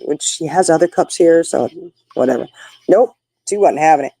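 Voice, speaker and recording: Chatty grandma, mellow voice. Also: female voice, deep voice, moderate pace, gravelly, dry recording, low-quality recording. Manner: folksy, chatty storytelling. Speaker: livestream host. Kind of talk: casual chat with viewers.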